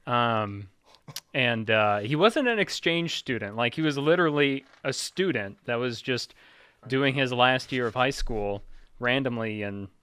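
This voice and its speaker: A man's voice: mid-range voice, expressive, measured pace, bright, forceful tone, clean tone, no room sound. Laughing, rambling male podcast host. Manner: rambling, laughs often while telling stories. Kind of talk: casual podcast chat.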